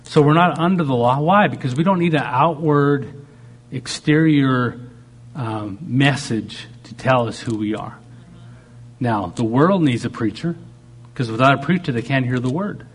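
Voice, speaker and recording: Male pastor, sermon delivery, husky tone, dramatic swings, acts out quoted voices. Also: medium pitch, a little slow. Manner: preaches with dramatic shifts, acting out quoted voices.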